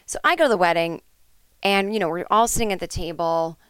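A woman's voice: on the low side, fairly quick, smooth, dry recording. A woman hosting a podcast, telling an improvised comic story in a rambling, chatty way with lots of fillers and asides. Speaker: podcast host.

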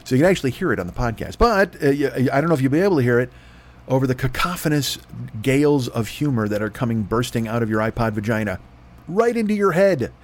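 On his comedy podcast, a fast-talking host with an expressive mid-range voice riffs his way through a rambling, profanity-laced ad read. He slips into mock announcer voices, his throat noticeably dry.

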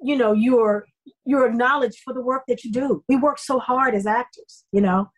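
A middle-aged woman, a soap opera actress, telling stories in a casual interview, effusive and animated with many fillers. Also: a little high, normal speed, rough recording.

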